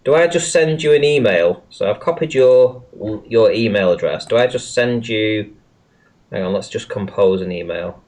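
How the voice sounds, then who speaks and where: A man's voice: fairly low pitch, normal speed, darkish tone. Exasperated, swearing livestream host man. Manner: exasperated, swears a lot, restarts often. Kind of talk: casual livestream talk.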